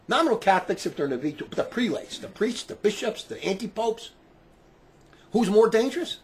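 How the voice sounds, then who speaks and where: A man in his sixties preaches in a high, lively voice that leaps up and down. He talks with fiery passion, sinking into low quiet remarks and then rising to shouts. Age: 60s.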